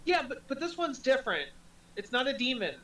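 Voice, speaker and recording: A man's voice: very high-pitched, very animated, fairly quick, fairly bright tone, roomy sound, distant mic, heavily acted, poor audio. A man voicing a timid young male devil who keeps a pet chicken, stammering and meek. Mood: sheepish.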